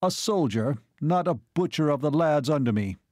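A man's voice: on the high side, lively intonation, moderate pace, dark tone, dry recording, pitched above the performer's own voice. Heavy, curt army marshal for an audiobook, read by a man; dry, close voice. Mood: stern. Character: gruff blunt older male army marshal.

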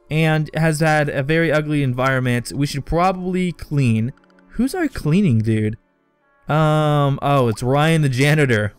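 A man's voice: on the high side, clear, resonant tone. A young man giving casual commentary while playing a game, swearing and exasperated when things go wrong. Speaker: let's play host.

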